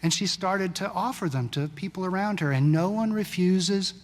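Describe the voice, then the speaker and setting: A male pastor preaching a sermon in a conversational storytelling way, sometimes brisk, sometimes slow and hushed. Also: sits high. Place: church sanctuary. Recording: long church-hall reverb.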